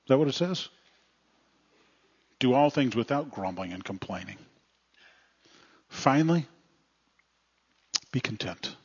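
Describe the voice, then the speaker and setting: Brief: male pastor mid-sermon, earnest and plainspoken, middle-pitched voice with dropping phrase ends, muffled lo-fi recording. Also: animated, measured pace, pauses often, husky.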